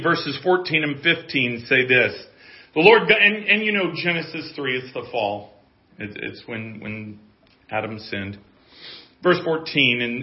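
Man preaching, roomy muffled sermon audio. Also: mid-range voice. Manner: swings from quiet musing to loud emphatic preaching. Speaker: pastor. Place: church. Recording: echoey, muffled church audio.

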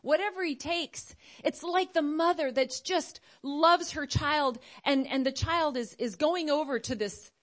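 A woman preaching a sermon in an animated way, acting out other voices as she speaks. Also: high voice, measured pace, hardly any pauses.

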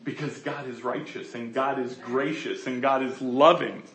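A man preaching a sermon in an animated, conversational way, often laughing and acting out voices. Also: mid-range voice, normal speed, reverberant. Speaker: pastor.

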